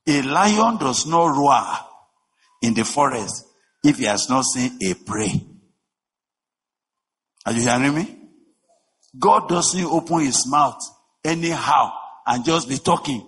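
A man preaching a sermon, emphatic, with rhetorical questions, swinging between shouting and a low voice. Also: a little hiss or hum. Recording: long reverb of a large hall.

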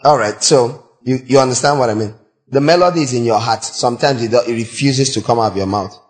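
Male preacher, sermon, exhorting, mid-pitched, cracks on high notes. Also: a little fast. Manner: exhorting, breaks into high sung demonstrations. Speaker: pastor.

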